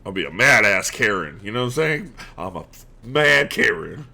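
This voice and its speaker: Man, game streamer, crisp bright voice, casual joking chat, loud and profane. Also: lowish voice, big pitch swings, normal speed. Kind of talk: casual livestream chat while gaming.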